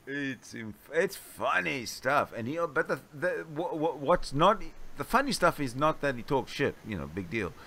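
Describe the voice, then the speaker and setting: A man's voice: mid-range voice, big pitch swings, moderate pace, few pauses, bright, forceful tone, slight background noise. A man in casual chat making wry, mocking asides.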